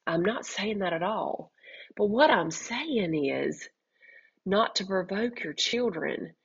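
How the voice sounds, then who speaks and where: A middle-aged woman shares a heartfelt testimony on her faith-based parenting podcast, earnest and full of restarts. Her voice is husky with a gravelly edge. The recording sounds dull and lo-fi. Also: medium pitch, animated, slow. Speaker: podcast host.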